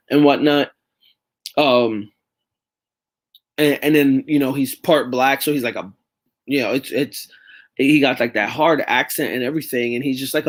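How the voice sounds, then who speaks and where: A man hosting a casual sports talk show, rambling loosely and swearing freely. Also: mid-range voice. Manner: loose and profane, rambling with restarts. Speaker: podcast host.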